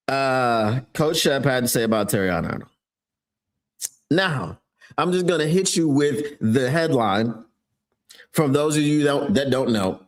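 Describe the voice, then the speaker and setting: Animated, slangy male sports podcaster. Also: mid-range voice. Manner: animated, slangy, excitable and joking. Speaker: sports fan podcast host. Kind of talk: casual sports commentary, reading news aloud.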